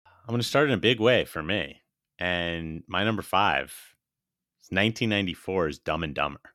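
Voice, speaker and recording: A man's voice: low voice, animated, normal speed, a bit bright, no room sound, clean studio sound. A man co-hosting a casual movie podcast, retelling film scenes with enthusiasm and the odd swear. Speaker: podcast co-host.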